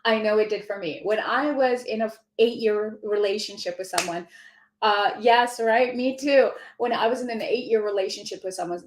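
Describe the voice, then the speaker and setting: A woman's voice: medium pitch, reverberant, rough recording. A woman hosting a casual live stream as a spiritual mentor, gushing and effusive, greeting viewers by name and laughing often. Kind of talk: casual livestream chat. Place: indoors at home.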